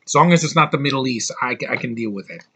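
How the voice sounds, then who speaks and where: A man's voice: mid-range voice, lively intonation, quick pace, sharp tone, husky. A man giving a casual, rambling movie review, with lots of fillers and restarts.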